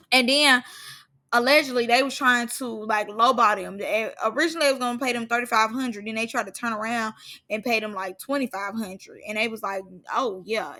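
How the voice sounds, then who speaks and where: A woman with a high voice chats through a reality show recap in loose, slangy gossip. Her tone is bright and cutting, and she talks in an animated way, laughing often as she goes. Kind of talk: casual gossip commentary.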